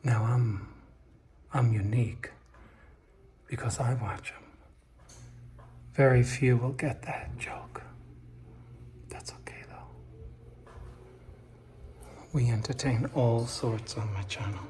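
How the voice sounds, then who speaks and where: A middle-aged man installing wallpaper, chatting casually and dropping into hushed asides as he works. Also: medium pitch, slow, pauses often, a little hiss or hum. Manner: chatty, drifts into hushed asides while working. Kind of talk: casual how-to chat while working. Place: room being wallpapered.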